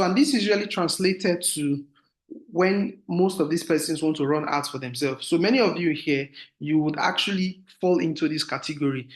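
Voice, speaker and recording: A man teaching an online marketing class over a video call. He explains step by step and keeps checking with "do you understand?". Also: a little high. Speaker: marketing instructor. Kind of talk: online class with screen share.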